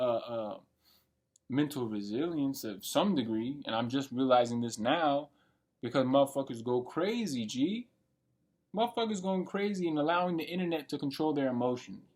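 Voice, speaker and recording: Profane, rambling young man, higher voice. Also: lively intonation, a little fast. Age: late 20s. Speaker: vlogger. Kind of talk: unscripted rant monologue.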